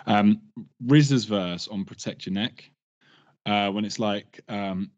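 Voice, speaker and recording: A man's voice: fairly low pitch, extremely slow, long pauses, a little mellow. A man hosting a casual hip hop podcast, rambling with fillers. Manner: laid-back, rambling with fillers. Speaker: podcast host. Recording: dull lo-fi sound.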